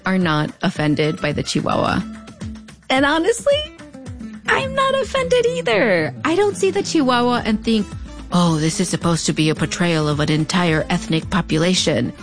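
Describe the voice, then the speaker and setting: A woman narrator with a slight fronterizo border accent and a somewhat low voice, telling a scripted story in a wry, chatty way. She drops playful, sassy asides, and soft music runs faintly underneath. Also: lively intonation, moderate pace. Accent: fronterizo (US-Mexico border). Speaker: podcast narrator.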